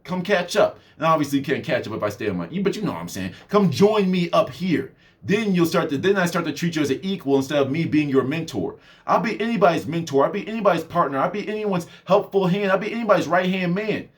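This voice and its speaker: A man's voice: on the high side, lively intonation, quick pace. A man talking casually in a motivational vlog, rambling, laughing often and acting out the people he quotes. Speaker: motivational vlogger and mentor.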